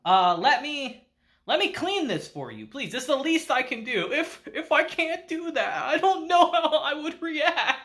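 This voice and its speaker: A man's voice: extremely high pitch, big pitch swings, a little slow, sharp tone, pitched above the performer's own voice, exaggerated voice. A man voicing a nervous, fiery schoolgirl. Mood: flustered.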